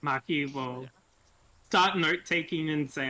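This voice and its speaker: Bright-voiced man playing a tabletop game. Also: fairly high pitch, a little slow, rough recording. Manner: chatty, chuckles, narrates his character's actions. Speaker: player. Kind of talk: casual tabletop play.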